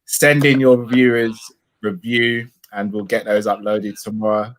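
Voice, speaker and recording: A man's voice: lowish voice, flat delivery, measured pace. Man, casual host, laughs a lot, chatty. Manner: laughs often, casual sign-off. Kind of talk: casual fan chat show.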